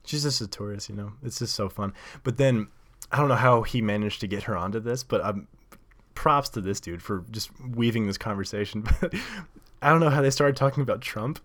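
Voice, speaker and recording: A man's voice: lowish voice, a little fast, a bit bright. Man, podcast host, casual storytelling, rambling, lots of fillers, laughs often.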